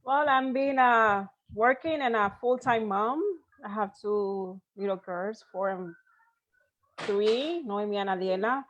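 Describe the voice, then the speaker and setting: A woman in her thirties, a guest on a video call, telling stories in an animated way. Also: medium pitch, takes it slowly. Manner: animated, storytelling. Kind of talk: casual interview chat. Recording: dull lo-fi video call audio.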